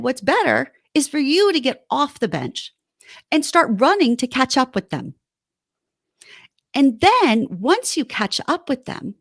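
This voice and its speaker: A woman's voice: high voice, no room sound, studio quality. A woman co-hosting a podcast, chatting casually and animatedly about relationship advice. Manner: animated, acts out heated quotes. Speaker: podcast co-host.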